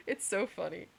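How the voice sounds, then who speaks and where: A woman's voice: high voice, creaky, breathy edge. A woman streamer chatting casually while playing a game, telling stories in a chatty, giggly way. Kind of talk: casual chat while gaming.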